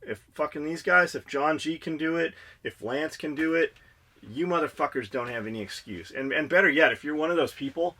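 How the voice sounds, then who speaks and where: A man's voice: on the high side, fairly quick, sharp tone. A man co-hosting a podcast, telling stories in a blunt, profane, fired-up way. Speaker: podcast co-host. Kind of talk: casual podcast chat.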